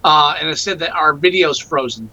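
A man's voice: fairly high pitch, normal speed, highs cut off. A man co-hosting a podcast, chatting casually about a movie and often restarting his sentences. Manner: rambling, restarts often, animated. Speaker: podcast co-host. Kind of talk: casual movie-review chat.

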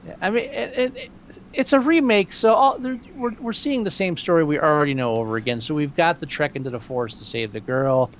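A man co-hosting a podcast in casual movie chat, wry and opinionated, quick to joke. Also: fairly high pitch, highs cut off, a little hiss or hum. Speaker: podcast co-host.

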